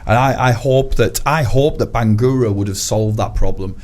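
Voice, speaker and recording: A man's voice: medium pitch, moderate pace, darkish tone. A man giving earnest, opinionated views as a guest on a football podcast. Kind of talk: casual football chat.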